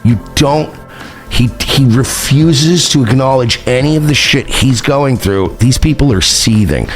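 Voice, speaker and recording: A man's voice: mid-range voice, lively intonation, unhurried, faint music behind. A man hosting his own online show, delivering a profane, mocking rant at a rival, taunting and sarcastic. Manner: sarcastic, taunting, swings between shouting and muttering.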